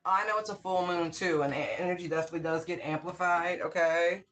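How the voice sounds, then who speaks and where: A woman giving a casual spiritual tarot reading, emphatic and outspoken. She repeats her phrases, swears freely and breaks into excited whoops. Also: fairly low pitch, a little fast. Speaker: tarot reader.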